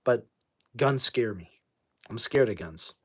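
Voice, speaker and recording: A man's voice: mid-range voice, lively intonation, takes it slowly, breathy edge. A man from New England hosting a casual livestream, answering viewer comments and bluntly kicking out trolls as he rambles. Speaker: livestream host.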